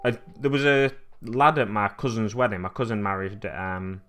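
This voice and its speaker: A young man with a Lancashire accent chats casually with viewers while painting miniatures on a live stream, often correcting himself as he rambles. His voice is lowish and a bit bright, with fairly even intonation and a normal speed.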